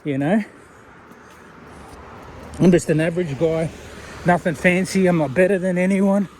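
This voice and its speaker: A man's voice: sits high, steady tone, measured pace, darkish tone, a little hiss or hum. An Australian man talking casually to a viewer while walking outdoors along a road, rambling and self-deprecating. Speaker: vlogger. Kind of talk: casual walking vlog talk.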